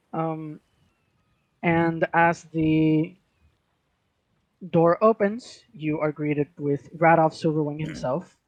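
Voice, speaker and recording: Guy running a tabletop game, rambly and casual, fairly high voice, dry sound. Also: no room sound, highs cut off. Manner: casual, many fillers and restarts. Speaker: game master.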